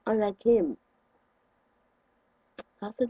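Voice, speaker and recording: A young man, ranting indignantly to his camera in a vlog, with sudden loud outbursts. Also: very high voice, unhurried, slightly rough, no echo, narrow, tinny audio. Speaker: vlogger.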